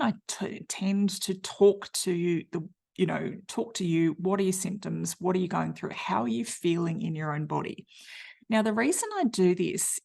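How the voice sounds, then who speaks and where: A woman's voice: on the low side, creaky. A woman in her fifties with an Australian accent, telling her own story as a podcast host in a candid, chatty, blunt way full of fillers. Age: 50s. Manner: blunt and slangy. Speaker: podcast host, menopause nutritionist. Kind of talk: personal storytelling monologue.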